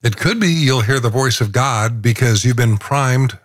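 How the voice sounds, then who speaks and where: A man hosts a radio segment in a slow, measured way. His pitch is average and the sound is dry and close. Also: no room sound. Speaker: radio host. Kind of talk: radio program hosting.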